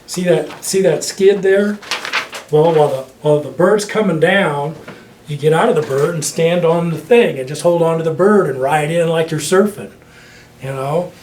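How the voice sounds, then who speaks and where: A man's voice: on the high side, moderate pace, darkish tone, a little hiss or hum. Older veteran man telling war stories. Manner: rambling storyteller, laughs often. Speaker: veteran interviewee. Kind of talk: oral history interview. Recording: echoey room with faint ambience.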